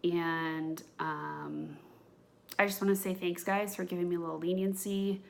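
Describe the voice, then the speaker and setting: Podcast host, woman, 30s: low-ish gravelly voice, rambling gossipy rant delivery. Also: steady tone, unhurried, a little hiss or hum. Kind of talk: casual rant to camera.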